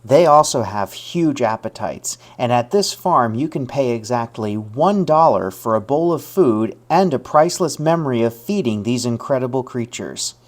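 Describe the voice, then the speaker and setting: A man's voice: mid-range voice, animated, moderate pace, hardly any pauses. A man reading a scripted voice-over for a travel show, sharing light trivia. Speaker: show narrator.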